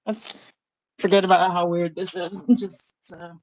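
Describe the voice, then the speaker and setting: A woman hosting a casual live craft session over a video call, chatty and relaxed, laughing often. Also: on the low side, normal speed, low-quality recording. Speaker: craft channel host. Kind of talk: casual live-stream chat while journaling. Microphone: phone or tablet mic over a video call.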